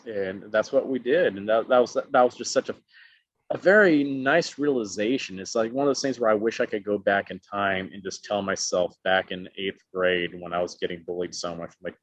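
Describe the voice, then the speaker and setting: A middle-aged actor from Alabama, USA, with a fairly low voice at normal speed, tells stories in a casual interview, animatedly performing quotes in many voices. The recording is dull, dry and lo-fi, with no echo.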